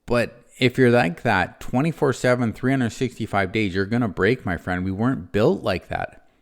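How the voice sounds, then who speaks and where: A man hosting a motivational podcast, talking earnestly and warmly straight to the listener, with frequent tag questions and restarts. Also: medium pitch, moderate pace, creaky. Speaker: podcast host, former prison guard.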